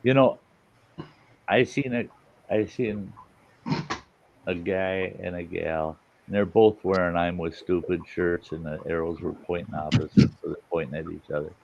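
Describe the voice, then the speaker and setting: A man's voice: low voice, fairly even intonation, moderate pace, vocal fry. A middle-aged man telling profane stories around a campfire with a laugh, in casual chat as the host. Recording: muffled lo-fi audio with faint hiss.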